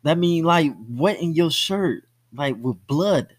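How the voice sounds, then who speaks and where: A man's voice: fairly high pitch, animated, slow pace, dry recording. Laid-back young man from South Florida. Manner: laid-back, explains street slang, says "you know what I'm saying" often. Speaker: movie podcast co-host. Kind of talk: casual movie discussion.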